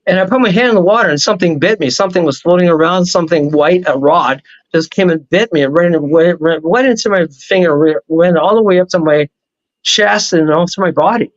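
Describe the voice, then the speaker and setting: A man speaking as a show guest, telling a long personal story in a rambling, animated way. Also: high voice, fairly quick, dull audio. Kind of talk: casual storytelling on a talk show.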